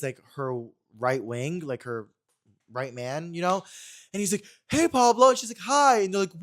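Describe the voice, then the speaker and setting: Young male podcast host, slightly high voice, fast and chatty, animated storyteller. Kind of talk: casual chat.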